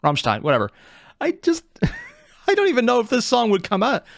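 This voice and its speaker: A man hosting a reaction video, talking casually with lively swearing and laughing asides. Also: very high voice, normal speed, vocal fry, dry recording, studio quality.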